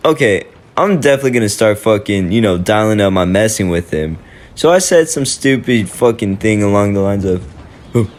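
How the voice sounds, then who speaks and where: A man's voice: fairly low pitch, slight background noise. Young man telling a rambling story. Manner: rambling and profane, heavy with fillers. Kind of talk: casual storytime vlog.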